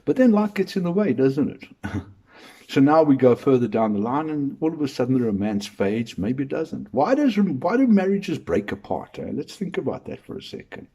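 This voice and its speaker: Husky, animated male comedian. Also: mid-range voice. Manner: rambling, crude, rhetorical questions. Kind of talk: stand-up monologue.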